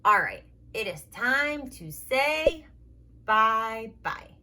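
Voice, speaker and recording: Slow sing-song woman speaking to toddlers. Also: fairly high pitch, very animated, sharp tone. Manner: slow, exaggerated sing-song, simple repeated words. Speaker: speech therapist for children. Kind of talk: toy play narration for toddlers.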